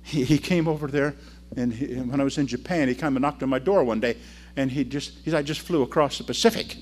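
An older man delivers a sermon at a fast clip, telling stories and calling on the congregation to answer and repeat after him. He shifts between loud preaching and quiet asides, over a slight hiss or hum.

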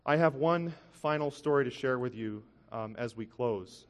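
A man's voice: medium pitch, normal speed. A man preaching a sermon, telling a personal story earnestly, with frequent restarts. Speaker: pastor. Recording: long hall reverb.

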